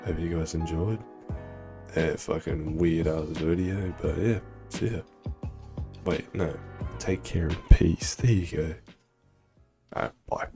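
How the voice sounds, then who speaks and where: A young man with a low voice tells a rambling storytime tale. He swears often and leans on ums and likes. Faint music plays behind him. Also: steady tone, slow, creaky, pauses often, warm tone. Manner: rambling, heavy swearing and fillers. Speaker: vlogger. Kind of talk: casual storytime.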